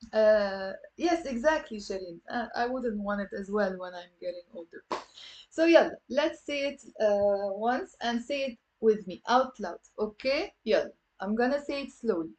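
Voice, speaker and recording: A woman with a Lebanese accent teaching a live online Arabic class, lively and encouraging, saying words slowly for her students to repeat. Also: on the high side, rough recording. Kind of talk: live online language lesson.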